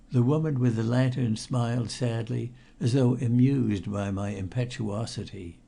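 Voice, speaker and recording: A male narrator reads a classic novel in a steady, measured way. His voice is dark and mellow, with a gravelly, husky edge. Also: mid-range voice. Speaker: audiobook narrator. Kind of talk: scripted audiobook narration.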